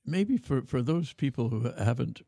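A man hosting a casual conversation, relaxed and measured with a few fillers. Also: medium pitch, dry recording. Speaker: host.

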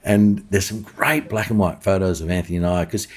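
A middle-aged Australian chef appears as a podcast guest, telling long anecdotes in a casual interview with many restarts and fillers. He speaks briskly in a low, steady male voice.

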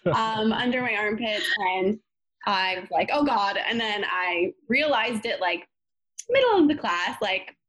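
A woman's voice: mid-range voice, lively intonation, a little slow, fairly bright tone, poor audio. A young woman who teaches yoga, co-hosting a podcast and telling a story in a casual, sheepish way. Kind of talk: casual chat.

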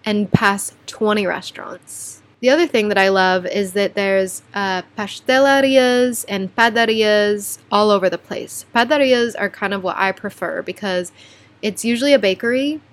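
A young woman with a mid-range voice talks candidly to her viewers in a personal vlog. She is chatty and animated, now and then dropping to soft, quiet asides. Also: medium pitch, normal speed. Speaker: vlogger.

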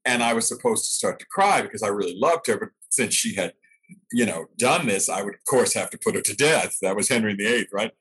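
An older man with a low, husky voice tells stories from his early theater years at an easy, reflective pace. He chuckles at himself now and then as he looks back. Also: animated, brisk, fairly bright tone, rough recording. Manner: reflective, anecdotal, laughs at himself. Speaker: interview guest, actor. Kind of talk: storytelling in an interview.

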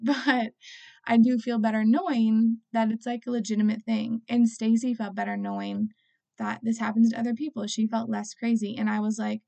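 Young woman rambling through a story, gravelly fry, mellow dark tone, pretty flat. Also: a little high, normal speed. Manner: chatty, lots of "like" and laughing asides. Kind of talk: casual storytelling monologue.

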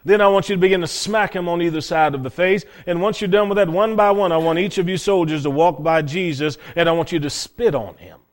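A man preaching, voicing a cruel, mocking king who barks orders loudly. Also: high voice, fairly quick, few pauses, natural voice. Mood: commanding.

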